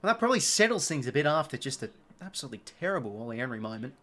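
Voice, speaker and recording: An excitable young Australian man giving live fan commentary on a football match, chatty with viewers and prone to shouting and swearing at big moments. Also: medium pitch, rapid-fire. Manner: chatty asides and thanks to viewers. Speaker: watch-along commentator.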